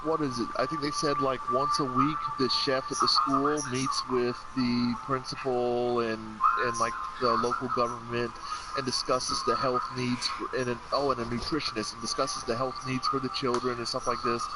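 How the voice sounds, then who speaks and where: A man's voice: medium pitch, level tone, normal speed. A man from the United States hosting a let's play, chatting casually and rambling through a story with lots of repeated filler phrases. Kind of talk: casual gameplay chat. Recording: loud constant background noise.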